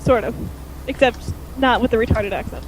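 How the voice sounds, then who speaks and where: A woman's voice: on the high side, brisk. Chatty woman over a noisy mic. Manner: chatty storyteller, laughs at herself. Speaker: podcast co-host. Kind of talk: casual chat.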